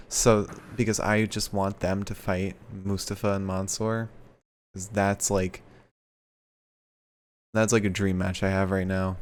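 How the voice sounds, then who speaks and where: A young man with a lowish voice talks through a wrestling episode in loose, casual chat. He gets animated and slips into put-on voices when he quotes the wrestlers. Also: clear, resonant tone. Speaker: podcast co-host.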